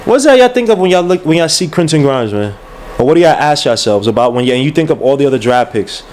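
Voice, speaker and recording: A man's voice: on the high side, sing-song, fast talker, a little mellow, slight background noise. A young man hosting a casual livestream podcast, ranting in a heated, exasperated way with slang, repeats and restarts. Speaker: podcast host.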